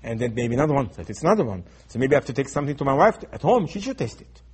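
A man with a delivery giving a sermon, telling stories dramatically and swinging between loud outbursts and hushed lines. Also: medium pitch, sing-song, rapid-fire, breathy edge. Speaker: rabbi giving a Torah talk.

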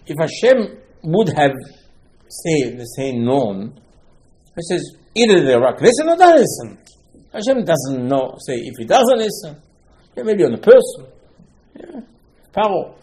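A man's voice: a little high, a little mellow. A man teaching a Torah lesson as a rabbi, telling the story with acted-out dialogue, sudden emphatic rises, Hebrew terms and broken English phrasing.

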